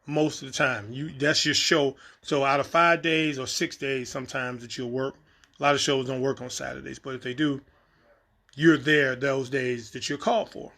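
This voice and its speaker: A man casually telling a story from his time on set, lively and acting out the exchanges. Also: medium pitch. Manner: animated, acts out quoted exchanges. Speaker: storyteller recounting a set experience.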